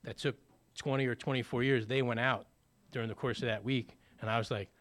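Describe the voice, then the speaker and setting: A man's voice: medium pitch, fairly even intonation, brisk, a bit bright. A man telling his personal recovery story in a conversational way, with many fillers and acted-out bits of dialogue. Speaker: speaker sharing a recovery story.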